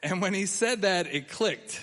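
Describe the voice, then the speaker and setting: A young man telling a long story in stand-up, animated, laughing at his own jokes and putting on voices of other people. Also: high-pitched, a little slow, in a large hall. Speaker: comedian. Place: comedy club stage before a laughing audience.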